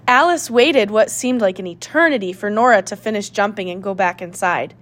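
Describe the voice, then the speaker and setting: A woman narrating a children's mystery audiobook with clear, steady storytelling. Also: mid-range voice, a little fast.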